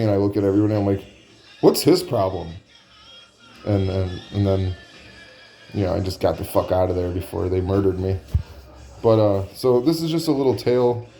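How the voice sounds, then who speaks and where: A man's voice: on the low side, warm tone. Man rambling through a funny story. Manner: rambling, filler-heavy and profane. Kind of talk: casual comic storytelling.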